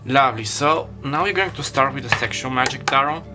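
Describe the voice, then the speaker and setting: A man's voice: mid-range voice, fairly quick, loud music behind the voice. A man giving a casual tarot card reading, rambling and filling his talk with "like" as he describes the cards. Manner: rambling, filler-heavy, says "like" constantly. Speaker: tarot reader. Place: room with an open window.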